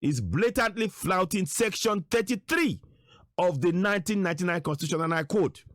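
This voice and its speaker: A man's voice: high voice, expressive, brisk, no room sound, clean studio sound. A man giving emphatic online commentary on material shown on screen, repeating his rhetorical questions and phrases. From Nigeria. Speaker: political commentator.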